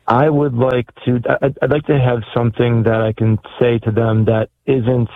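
Hesitant gravelly man on a phone line. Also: mid-range voice, flat delivery, normal speed. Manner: hesitant, lots of ums and restarts. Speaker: caller. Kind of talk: phone-in conversation.

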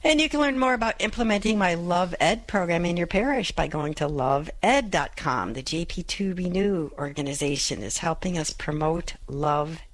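A woman hosts a Catholic call-in radio show, talking fast in a bubbly way with frequent laughs. Her voice sits on the low side for a woman. The studio sound is dry and close. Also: lively intonation, no echo. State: choking, clearing throat. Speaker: radio advice show host.

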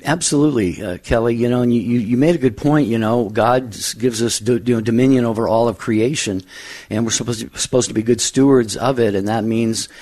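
Man co-host on call-in radio, earnest and gentle. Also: medium pitch, fairly quick.

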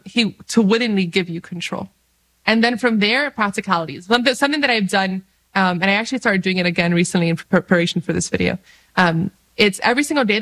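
A woman giving an upbeat, casual faith talk to camera, laughing often and slowing down earnestly for prayers. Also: mid-range voice, low-quality recording. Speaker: Catholic faith vlogger.

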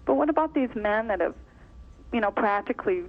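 A woman's voice: fairly high pitch, animated, brisk. A woman from Minnesota calling a religious talk show, gushing and rambling earnestly. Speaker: caller. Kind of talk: phone call to a talk show. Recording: dull phone line.

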